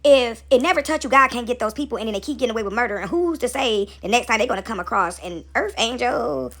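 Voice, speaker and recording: A woman's voice: on the high side, expressive, fast talker, a bit bright. A woman speaking to camera in a casual spiritual monologue. She keeps asking "right?" and repeats phrases for emphasis. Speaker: spiritual video host.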